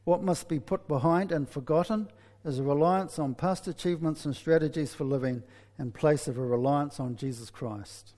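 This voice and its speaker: A man preaching a sermon, telling a story with many restarts and lively asides. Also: on the high side, normal speed, big-room sound.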